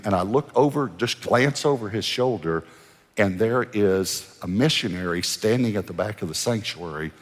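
A middle-aged man, a pastor, preaching a sermon and telling a story, acting out the dialogue with animation. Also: fairly low pitch. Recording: long hall reverb from a church.

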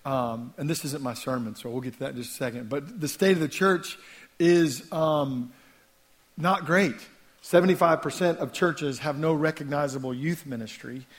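A man speaking as a guest pastor to a church, relaxed and chatty with frequent ums and joking asides. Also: a little high, normal speed. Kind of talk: casual talk from the pulpit. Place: church sanctuary.

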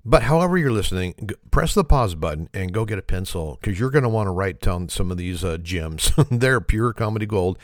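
A man's voice: sits low, animated, moderate pace, no room sound, studio quality. A man hosting his own podcast in a casual comedic monologue, chuckling at his own dad jokes in his morning voice. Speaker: podcast host.

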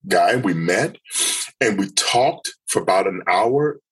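A man telling a personal story in an interview, earnest and halting, often restarting his sentences. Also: low voice, expressive, a bit bright, breathy edge, poor audio. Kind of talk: candid personal testimony.

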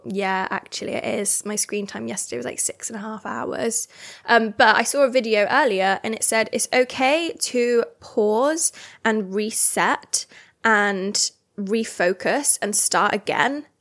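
A woman's voice: mid-range voice, fairly bright tone. A young adult woman hosting her own podcast, talking in a casual, reflective and rambling way with plenty of fillers. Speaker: podcast host. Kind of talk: casual solo podcast chat.

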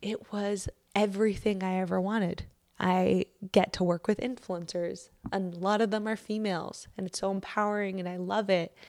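A young woman giving a casual motivational talk, full of "like," that turns into a gentle guided breathing exercise. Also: medium pitch, steady tone, moderate pace. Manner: chatty, says "like" often, drops to soft near-whisper in guided parts. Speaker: host.

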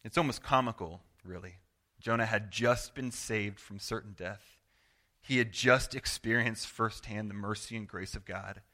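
A man preaching a sermon as pastor, earnest and conversational, swinging from loud to hushed and acting out quoted prayers. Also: lowish voice, normal speed. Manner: acts out quoted prayers and replies in voice.

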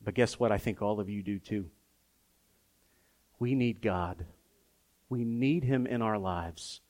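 Preaching slowly in a voice on the low side, a pastor addresses a live congregation. His emotional, personal delivery builds from soft intimacy to loud, impassioned emphasis.

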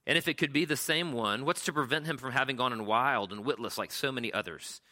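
A man's voice: medium pitch, fast talker, sharp tone, close to an everyday voice. A man voicing a skeptical male dwarf in a storybook, dry and doubting.

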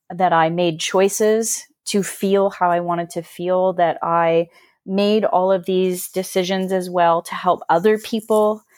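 A woman's voice: lowish voice, darkish tone, no echo, studio quality. Earnest woman telling a personal story. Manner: earnest, reflective, emotional storytelling. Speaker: podcast guest.

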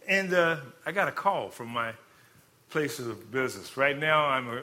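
A male pastor and hospital chaplain telling a personal story in a sermon, swinging from quiet, low passages to loud, fervent peaks. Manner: dynamic, rising to loud fervent peaks then dropping low.

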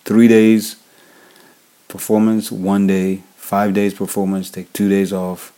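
Nigerian male podcast host, low mellow delivery, repeats key points, casual advice. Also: completely flat delivery, takes it slowly. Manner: repetitive, restates key points, frequent fillers. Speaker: worship leader podcast host. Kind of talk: casual instructional talk.

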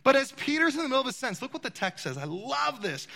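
A pastor with a very high, pushed, bright voice preaches a sermon in a large church, posing rhetorical questions to his congregation. He talks fast in a sing-song way with vocal fry and few pauses, and a long hall reverb surrounds him.

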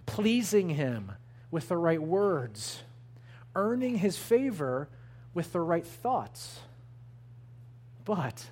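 A man preaching a sermon in an earnest, emphatic way, slowing to stress the words that matter. His voice sits a little higher than most men's. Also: a little mellow. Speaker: pastor.

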